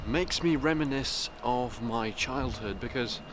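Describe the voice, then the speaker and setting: A man's voice: mid-range voice, measured pace. A young man, not a native English speaker, chatting wryly and rambling as he vlogs while walking outdoors. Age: young adult. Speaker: vlogger. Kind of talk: walking vlog. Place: outdoors on city streets. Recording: loud street noise outdoors. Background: loud traffic and street noise.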